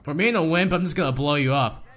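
A man's voice: fairly high pitch, quick pace. A man hosting a gaming channel, giving crude, joking commentary over gameplay with plenty of swearing. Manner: joking, swearing, bursts into shouts and laughs.

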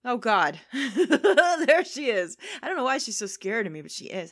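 A woman hosting a let's play, reacting with excited exclamations and frequent laughter while reading the game aloud. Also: a little high, measured pace. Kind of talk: video game commentary. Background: faint game music.

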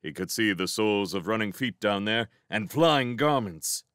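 Man, storybook narration, low voice, lively pitch swings, measured, dry close sound. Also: smooth, no echo. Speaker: reader. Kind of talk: audiobook narration.

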